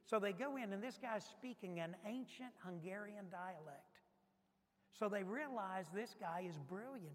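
A male pastor delivers a sermon with a notably high voice. He presses his points by repeating them, swinging from loud emphasis to near-hushed asides. The sound carries a long reverb from a large church hall.

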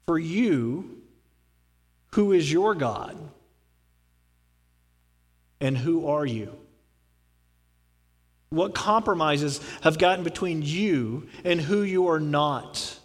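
A man delivers a sermon in a chatty, storytelling manner, slipping into voices for the people in his anecdotes. His voice sits high for a man. The sound carries a long reverb, like a large sanctuary. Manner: storytelling, acts out quoted voices, conversational. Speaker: pastor.

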